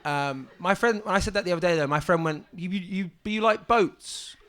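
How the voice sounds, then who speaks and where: A young man doing a stand-up set on a comedy club stage, halting and deadpan, with many ums and restarts. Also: high voice.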